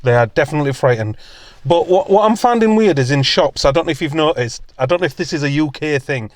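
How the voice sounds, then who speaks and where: A man's voice: fairly high pitch, expressive, fast talker, dry recording. A man co-hosting a podcast from a car, bantering casually with plenty of swearing. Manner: swearing, jokey, puts on voices for quotes. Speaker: podcast co-host. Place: in a parked car.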